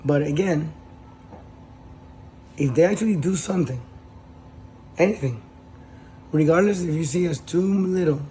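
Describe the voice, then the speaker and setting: A man giving casual relationship advice, talking in a halting way with many fillers and restarts. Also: on the high side, dark tone, slight background noise, poor audio. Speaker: advice host.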